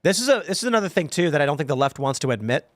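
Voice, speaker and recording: A political panel show host talks animatedly and slips into impressions of the people he quotes, mimicking voices mid-story. His voice is on the high side and rapid-fire, captured in clean studio sound with no echo.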